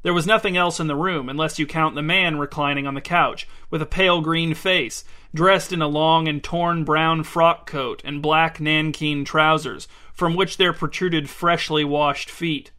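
Man, literary story reading, deliberate pacing, bright tone. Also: on the high side, fairly even intonation. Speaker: reader. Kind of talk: reading literary short stories aloud.

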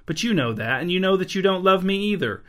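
A man's voice: high-pitched, expressive, fast, pushed and bright, voice pushed up. A man voicing a dry, blunt adult queen who sounds unimpressed, in a storybook reading.

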